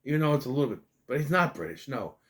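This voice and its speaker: A man's voice: mid-range voice, very animated, racing, fairly bright tone. A man giving a casual spoken movie review, ranting in an exasperated way, swearing and rambling with restarts and stammers.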